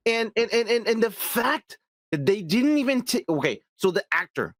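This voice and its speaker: A man in casual podcast chat, rambling and swearing, packing his sentences with filler words. His pitch swings around animatedly, and the recording sounds dry and close. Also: very animated, moderate pace, fairly bright tone, no room sound. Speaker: podcast co-host.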